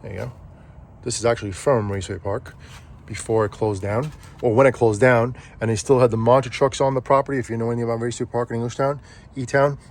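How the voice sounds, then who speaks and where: A middle-aged man rambles through a casual walk-through of his garage arcade. He interrupts himself often and keeps the tone relaxed. A handheld camera catches his voice indoors, with a faint ambient hum behind it. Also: mid-range voice, quick pace. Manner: rambling, chatty, self-interrupting. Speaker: vlogger.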